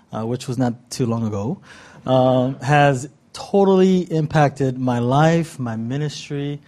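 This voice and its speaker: A man's voice: mid-range voice, mellow. A man preaching as a guest pastor, from Southern California, joking with the congregation and praying. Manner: playful, joking with the audience. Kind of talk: sermon.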